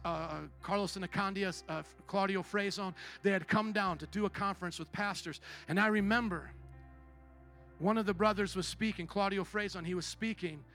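Male pastor, high bright voice, testimony sermon, quiet then loud, faint music behind. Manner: storytelling, swings from hushed to loud.

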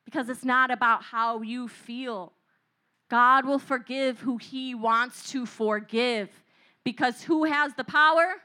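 A young woman preaching a lively youth sermon who acts out voices and asks the crowd questions. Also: fairly high pitch, measured pace.

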